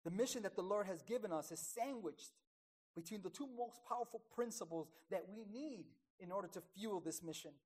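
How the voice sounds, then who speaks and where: A woman preaching a sermon, emphatic, dropping to a hush and rising loud again, slowing down on key words. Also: medium pitch, lively intonation, breathy edge.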